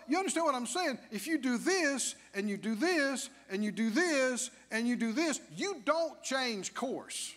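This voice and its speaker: High-voiced preaching man in a hall. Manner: animated preaching, acts out whining prayers, laughs often. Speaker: pastor. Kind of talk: sermon. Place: church sanctuary.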